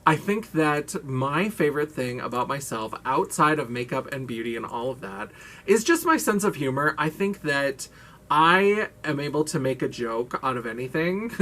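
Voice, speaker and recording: A man's voice: a little high, bright, forceful tone. A man chatting casually and expressively as a beauty YouTuber, with the odd casual swear. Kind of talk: casual chat.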